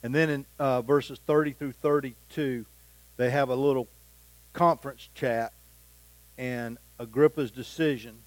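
A man's voice: mid-range voice, fairly even intonation, measured pace, dry recording, poor audio. Dry-miked man teaching the Bible. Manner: reads scripture aloud and explains it in plain words.

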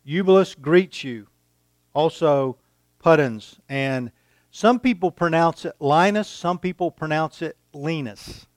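Slow, deliberate male preacher. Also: on the high side, expressive, dry recording, clean studio sound. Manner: slow, deliberate preaching with dramatic pauses, reading scripture aloud. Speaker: pastor. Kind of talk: sermon.

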